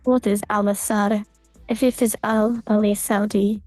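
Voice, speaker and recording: A man behind a voice changer plays a teasing, chatty young woman who jokes through her football round-up. The voice is mellow and dark-toned, and the sound is dry and close. A little music sits faintly underneath. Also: high voice, flat delivery, a little slow, dry recording, pitched above the performer's own voice. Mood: playful. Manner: jokey, teasing. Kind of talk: casual podcast commentary.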